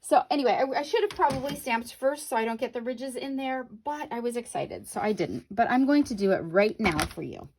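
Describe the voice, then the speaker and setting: A woman's voice: fairly high pitch, lively intonation, fairly quick, few pauses, background noise. A woman demonstrating a paper craft on camera, chatting with viewers and correcting herself as she works. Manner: chatty, talks to viewers while working, self-correcting. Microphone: camera on the craft table.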